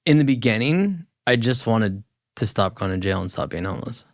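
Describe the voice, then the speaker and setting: A man's voice: lowish voice, animated, a little fast, dry recording, clean studio sound. A man speaking as a guest on a podcast, talking in plain, blunt casual chat.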